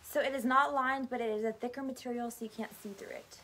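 A woman's voice: on the high side, fairly even intonation, quick pace, a bit bright, slight background noise. Friendly woman explaining fit. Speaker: shop worker modeling clothes. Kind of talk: casual live-sale chat.

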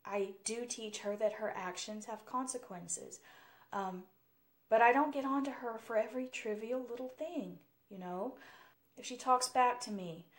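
A young woman hosting a podcast alone, talking frankly and casually, with frequent laughs and lots of "you know". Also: medium pitch. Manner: chatty and frank, laughs often, says "you know" a lot. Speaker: podcast host. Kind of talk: casual solo podcast talk.

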